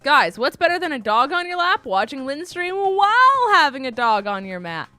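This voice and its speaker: High, lively woman streamer. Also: normal speed, no room sound. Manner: playful, reads game dialogue aloud in put-on voices. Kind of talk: casual game commentary.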